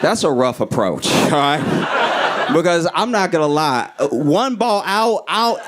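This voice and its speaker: A man performing an animated stand-up comedy set on a club stage, acting out the people in his stories. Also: slow. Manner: animated storytelling, acting out voices, pitch swings up and down. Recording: live club recording with clear audience noise. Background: audience laughter.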